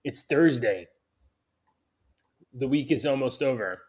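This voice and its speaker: A man's voice: mid-range voice, expressive, takes it slowly, a little mellow, breathy edge. A man with a mid-range voice who co-hosts a casual chat show. He rambles and sounds exasperated as he complains. His voice sits in an everyday middle register. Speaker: podcast co-host.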